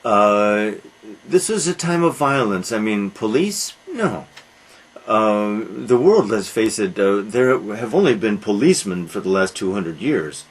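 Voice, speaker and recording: A man giving a classroom literature lecture, halting with "uh" fillers and posing rhetorical questions he answers himself in a dry way. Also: fairly low pitch, big pitch swings, breathy edge, poor audio. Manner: halting, with frequent "uh" fillers and restarts.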